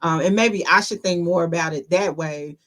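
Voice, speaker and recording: Relaxed, low-pitched woman host chatting. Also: moderate pace. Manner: laughs often, loose and conversational. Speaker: podcast host. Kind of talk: casual chat.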